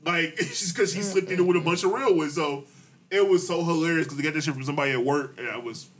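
A man in casual chat, telling family stories with a lot of profanity and slang, restarting his sentences and laughing through the punchlines. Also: fast. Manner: animated, laughs through his own stories, loud high bursts at punchlines. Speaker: podcast co-host telling a family story.

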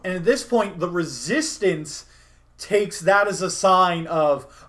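A man's voice: high voice, animated, takes it slowly, a bit bright. Rambling young man recapping a game. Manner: rambling, many fillers and restarts. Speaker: podcast host recapping a game session. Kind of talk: casual storytelling recap.

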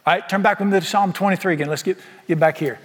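Folksy preacher in a reverberant church. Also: male voice, high voice, rapid-fire, a bit bright, slightly rough. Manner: folksy, emphatic preaching with rhetorical questions. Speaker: pastor. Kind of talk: sermon. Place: church sanctuary. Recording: long reverb of a large hall.

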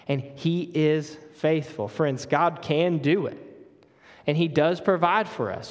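Conversational male preacher, slightly high voice. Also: in a large hall. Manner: conversational, questions the congregation. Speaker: guest preacher. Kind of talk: sermon. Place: church sanctuary.

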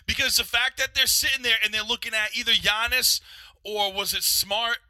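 A man with a high, very bright and sharp voice chats loosely about sports on a podcast, swearing in easy banter. The recording is close and dry. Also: fairly even intonation, normal speed, dry recording. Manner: laid-back, profane banter. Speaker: podcast co-host. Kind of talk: casual sports chat.

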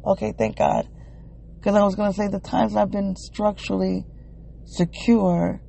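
A woman hosting a solo wellness podcast, thinking aloud in a halting, searching, emotionally open way. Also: lowish voice, gravelly, warm tone, a little hiss or hum. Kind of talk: reflective solo podcast monologue.

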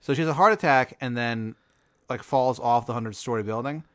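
A man at mid pitch tells a rambling, absurd hypothetical with a deadpan delivery. He slips into quick asides for side characters. The sound is dry and close, with no room around it. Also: dry recording. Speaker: podcast host posing a hypothetical. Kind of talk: improvised comedic storytelling.

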